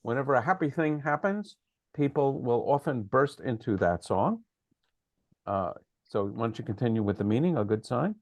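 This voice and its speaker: A man's voice: medium pitch, expressive, moderate pace, no room sound, lo-fi sound. Man, discussion leader, explains patiently and corrects pronunciation; dry, close-miked. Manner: explains at length, corrects pronunciation, hesitant fillers. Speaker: teacher leading the discussion. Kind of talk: explanatory study session.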